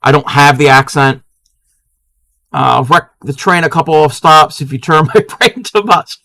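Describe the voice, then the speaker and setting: A man's voice: fairly high pitch, measured pace, gravelly, sharp tone, dry recording. A man hosting a casual live crafting stream, chatting playfully with viewers and laughing often.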